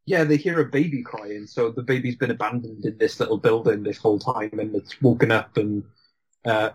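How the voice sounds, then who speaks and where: A man's voice: fairly low pitch, normal speed, husky, low-quality recording. A man in casual conversation about a film, rambling with many restarts and frequent laughs.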